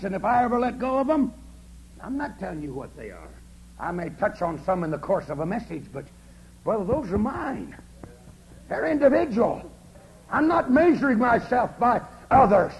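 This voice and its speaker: A man preaching a holiness revival sermon at a camp meeting, swinging from hushed storytelling to shouted fervor. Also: fairly high pitch, a little hiss or hum, poor audio. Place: large camp meeting service.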